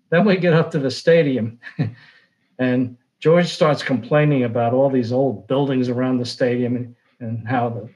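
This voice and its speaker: An older sportswriter, telling rambling anecdotes full of fillers and restarts. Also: male voice, medium pitch, a little slow, darkish tone, muffled recording. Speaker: sportswriter guest. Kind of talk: casual storytelling.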